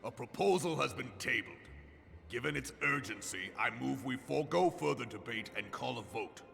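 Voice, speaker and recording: A stern commander calls for order in a deep gravelly rasp. His tone is forceful and formal. A long reverb trails each line. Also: animated, moderate pace, faint music behind. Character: stern male military commander, steady leader. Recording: game cutscene with long reverb.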